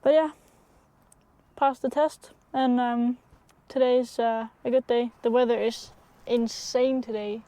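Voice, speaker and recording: Soft-spoken young woman from Denmark. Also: a little high, steady tone, takes it slowly. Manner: chatty, hesitant with many fillers, sometimes half-whispering. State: sick, in bed. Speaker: vlogger. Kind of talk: casual vlog to camera.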